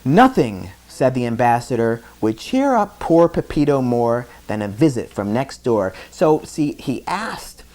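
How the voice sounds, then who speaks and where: A man's voice: medium pitch, very animated, a little slow, few pauses, darkish tone. A man reading a bedtime story aloud to a child in a chatty way, stopping to explain words as he goes.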